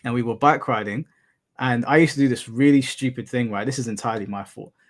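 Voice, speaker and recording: A man's voice: mid-range voice, quick pace. A young adult man hosting a live stream, chatting casually with viewers and telling rambling anecdotes with casual swearing.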